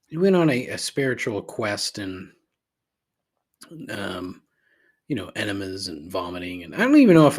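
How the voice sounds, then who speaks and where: A man hosting a solo podcast, grumbling and sarcastic, swearing freely as he rambles. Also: fairly low pitch. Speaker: podcast host.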